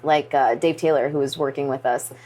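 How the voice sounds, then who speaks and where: A woman's voice: rumbling low, a little fast, slight background noise. A woman wrestler as an interview guest, telling a story in casual chat with lots of "like" and "you know". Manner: animated, acts out quoted voices; many fillers like "like" and "you know".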